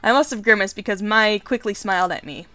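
A woman's voice: medium pitch, a little fast, bright, forceful tone, no room sound. A woman hosting a let's play, reading a dating game aloud with casual, giggly commentary and swearing.

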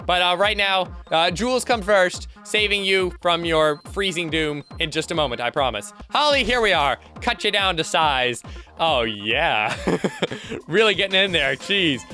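A young man hosting a let's play, chatting excitedly as he plays, laughing and yelping often. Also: sits high, unhurried, soft background music. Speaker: gaming channel host.

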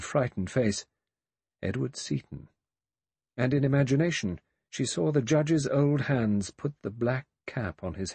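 A man over sixty narrating a mystery audiobook in a measured, even way. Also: mid-range voice, slightly rough, dry recording. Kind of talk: scripted narration.

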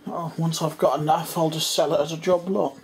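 An English man with a slightly high voice, chatting away to himself as he sorts through his bedroom. He rambles loosely and drops sentences halfway. There is a faint hum of room ambience behind him. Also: level tone, fairly quick. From England. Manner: rambling, muttering to himself, trailing off mid-thought. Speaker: vlogger. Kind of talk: casual running commentary while tidying.

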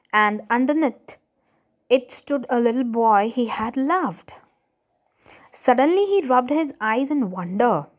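A woman teacher reads a children's story aloud and explains it. Her voice sits a little high, and she moves very slowly, stumbling and rephrasing as she goes. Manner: slow, halting reading with frequent restarts and rephrasing.

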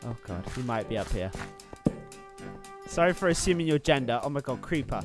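A man's voice: mid-range voice, animated, brisk, pauses often, loud music behind the voice. A young man, a gaming YouTuber, giving nervous horror-game commentary, muttering anxiously and bursting into yelps and screams.

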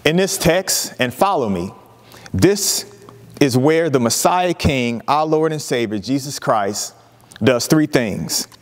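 A man's voice: mid-range voice, expressive. Preaching man in a reverberant church. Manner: emphatic preaching with dramatic pauses and vivid retellings. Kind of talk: sermon. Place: church sanctuary.

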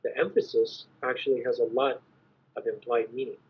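Husky-voiced man giving a lecture. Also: medium pitch, level tone. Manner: measured, explanatory, clears throat at times. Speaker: invited conference speaker. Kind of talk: academic lecture. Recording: dull lo-fi recording.

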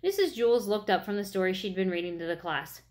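Expressive woman reading a children's book. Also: medium pitch, brisk. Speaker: reader.

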